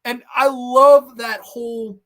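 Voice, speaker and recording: A man's voice: extremely high pitch, steady tone, slow pace, a bit bright. A man hosting a livestream horror movie review, rambling enthusiastically and reading chat messages. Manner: enthusiastic, rambling fan talk.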